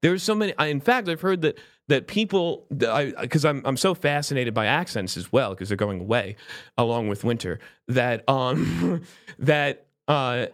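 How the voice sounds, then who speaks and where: A man co-hosting a podcast in casual chat, rambling and animated, slipping into quick voice impressions. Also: mid-range voice. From United States. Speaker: podcast co-host.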